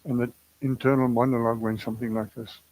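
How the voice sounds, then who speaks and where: A man's voice: mid-range voice, level tone, fast, a little mellow, slight background noise, rough recording. A man giving a spiritual talk, telling a personal story in an earnest, confessional way and laughing at himself now and then. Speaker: spiritual teacher.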